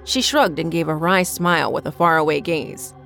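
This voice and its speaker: Woman narrator, lowish pitch, steady scripted horror storytelling. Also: brisk, creaky, soft background music.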